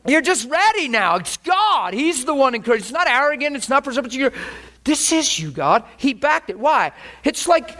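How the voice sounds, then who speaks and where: Man, high voice, sermon storytelling, animated, laughs often. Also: brisk, hardly any pauses. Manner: animated, laughing testimony with sudden shifts between hushed and excited. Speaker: preacher.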